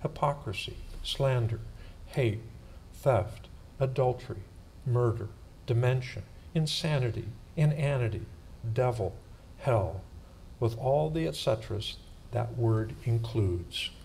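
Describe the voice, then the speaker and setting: Male church reader, measured solemn delivery, slow, faint hiss behind. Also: mid-range voice, lively intonation, gravelly, darkish tone. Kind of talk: reading aloud in church.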